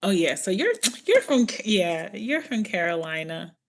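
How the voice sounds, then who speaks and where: A woman's voice: fairly low pitch, moderate pace, slight background noise. A woman from the New York area hosting a casual chat, rambling with lots of fillers, laughing often and slipping into playful accent impressions. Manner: giggly and excitable, laughs often. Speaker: podcast host.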